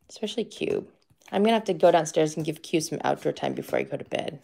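Excitable woman in her fifties opening card packs. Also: on the low side, a little fast, creaky. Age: 50s. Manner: excitable, gushing, shrieks at big pulls. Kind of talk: livestream pack opening.

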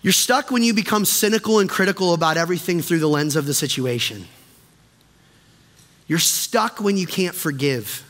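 High, bright-voiced preaching pastor. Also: male voice. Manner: impassioned preaching, drops soft and low to plead. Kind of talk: sermon. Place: church sanctuary. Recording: long reverb of a church hall.

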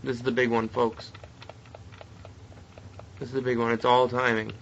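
A young man doing live commentary on a game he is playing, mostly muttering, then breaking into frustrated yells. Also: mid-range voice, level tone, moderate pace, creaky, highs cut off, a little hiss or hum. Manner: swings from muttering to frustrated yelling. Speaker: let's play gamer.

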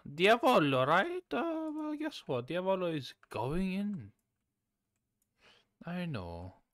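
Loud, chaotic man gaming. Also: high voice, very animated, slow pace, dry recording, studio quality. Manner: chaotic, swears, bursts of shouting. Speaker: streamer. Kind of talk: casual gameplay chat.

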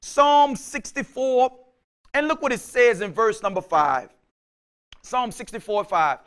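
A male pastor preaching with a high voice. He calls out scripture with fervor and keeps returning to "Praise the Lord." At times he drops to a low, quiet prayer. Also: a little slow, smooth. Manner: impassioned preaching, shouting out scripture; repeats "Praise the Lord" between points. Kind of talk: sermon.

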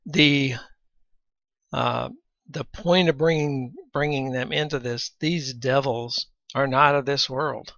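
A man giving a Bible teaching lecture, reading scripture aloud between explanations and often clearing his throat, on a dull lo-fi recording. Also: mid-range voice, pushed and bright, dry recording.

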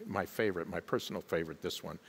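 A man with a low, slightly rough voice preaches quickly as a guest pastor in a large church. He's emphatic, chuckles at his own asides, and calls on the congregation to answer. The recording has the long hall reverb of a church.

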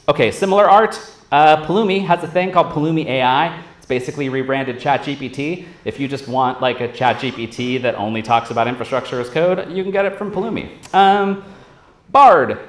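A man giving a casual, profane conference talk on stage, acting out quoted voices as he goes. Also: fairly high pitch. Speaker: conference speaker. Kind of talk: live tech conference talk. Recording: roomy hall echo.

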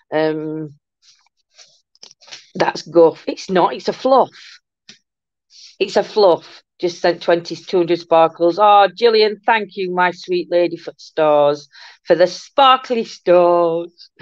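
A woman's voice: on the low side, takes it slowly, no room sound. An older woman, hosting a casual livestream, chatting and greeting viewers with endearments. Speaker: livestream host. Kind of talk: casual live chat reading comments. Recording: muffled lo-fi dry room sound.

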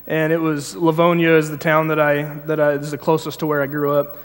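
A man's voice: on the high side, completely flat delivery, fairly quick, clear, resonant tone. A young man giving an informal sermon in a church, telling a personal story with many restarts. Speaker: preacher. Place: church sanctuary. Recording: long church hall reverb.

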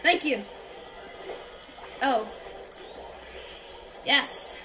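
A woman doing gameplay commentary, reacting loudly with exclamations and self-conscious laughter. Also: sits high, extremely slow, distant mic, low-quality recording. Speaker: gaming YouTuber. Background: game music.

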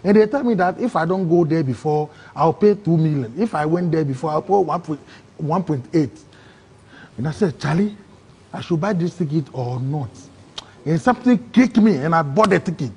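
A man with a Ghanaian English accent tells an emotional personal story to an interviewer, his voice sitting high and sounding husky. He is animated and acts out the voices of the people he quotes. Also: moderate pace. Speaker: interview guest.

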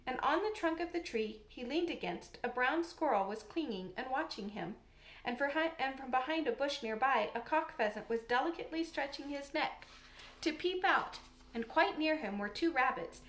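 A woman narrating a storybook with calm, measured reading. Her voice is fairly high. The recording carries a roomy echo. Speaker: audiobook reader.

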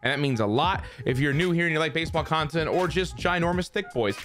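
A gaming streamer talks quickly over soft background music while playing a baseball video game. His commentary is casual, joking and profane, animated, with his pitch swinging widely.

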